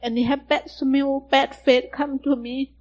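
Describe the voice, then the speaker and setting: Young woman, slow halting testimony, simple English. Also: high-pitched, level tone, muffled recording. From Thailand. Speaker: survivor giving testimony. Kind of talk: personal testimony.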